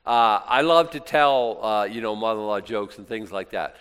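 A middle-aged man preaching a sermon in a conversational way, swinging between hushed and loud moments. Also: lowish voice, moderate pace, clear, resonant tone. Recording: long reverb in a large hall.

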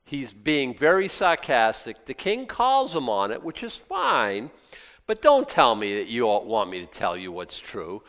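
A man preaching a sermon, reading scripture aloud and breaking into lively, sarcastic asides. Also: medium pitch, a little slow. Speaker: pastor. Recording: long hall reverb.

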